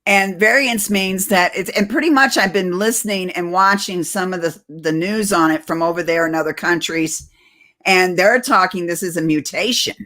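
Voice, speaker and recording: Rambling woman channel host, lowish voice, chatty and loose, laughs a lot. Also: normal speed, sharp tone. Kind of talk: casual commentary to viewers.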